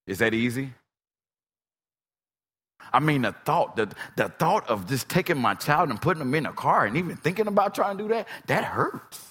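A man preaching a sermon with dramatic storytelling, swinging from shouts to whispers. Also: a little high, lively intonation, brisk, hardly any pauses, husky, long reverb tail.

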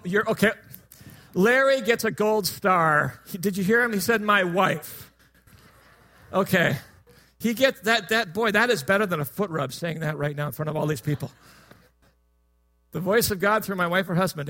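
A man preaching a sermon in a relaxed, conversational way, joking with his listeners and asking them questions. His voice is strikingly high for a man and bright in tone. He shifts easily between teaching and humor. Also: normal speed.

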